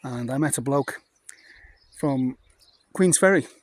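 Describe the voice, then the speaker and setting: A man's voice: medium pitch, slow. A man in his fifties with a North Welsh accent, telling anecdotes in a chatty, rambling way with plenty of fillers. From North Wales. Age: 50s. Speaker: vlogger. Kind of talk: casual anecdotal monologue.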